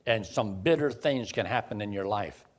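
A man's voice: fairly low pitch, normal speed. A man preaching a sermon in a conversational way, building to emphatic bursts. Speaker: pastor.

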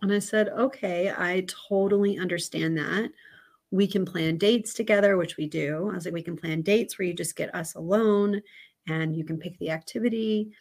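A woman in her thirties speaks as a podcast guest, her voice sitting a little low. She talks candidly and reflectively, telling a story in an easy conversational way. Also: moderate pace, darkish tone. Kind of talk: casual interview conversation.

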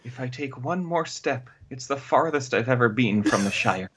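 A man's voice: mid-range voice, expressive, moderate pace, fairly bright tone, breathy edge, pitched below the performer's own voice. A man putting on the voice of a loyal young hobbit gardener from a fantasy film. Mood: earnest.

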